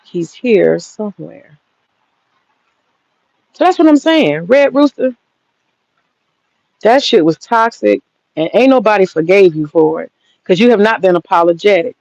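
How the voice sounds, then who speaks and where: A woman's voice: medium pitch, expressive, unhurried, pauses often, a little mellow, no room sound. A blunt, foul-mouthed woman rambles through a casual rant in her garden and talks straight to her viewers. Her voice sounds dry and close, with no room around it. The recording is dull and lo-fi. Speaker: vlogger giving commentary. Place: outdoor garden.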